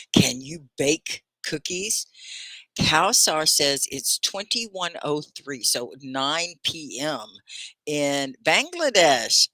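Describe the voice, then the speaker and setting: An older woman leads a live English lesson from home. Her voice is bright and lively, sweeping up and down as she talks. She speaks slowly and chats with her viewers, and the sound is dry and close to the mic. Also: deep voice, no echo. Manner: animated, chatty, asks viewers many questions. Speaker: ESL teacher.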